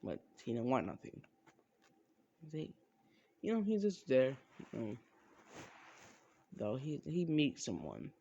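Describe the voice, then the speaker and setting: A man improvising a fan story as narrator, rambling and halting with casual swearing. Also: medium pitch, huge pitch swings, gravelly, warm tone, no room sound, muffled recording.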